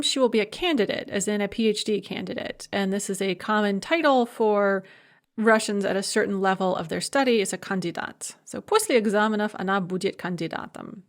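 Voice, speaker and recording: A woman professor giving a recorded video lecture, explaining clearly and slowing down for her example phrases. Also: on the high side. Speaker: language professor.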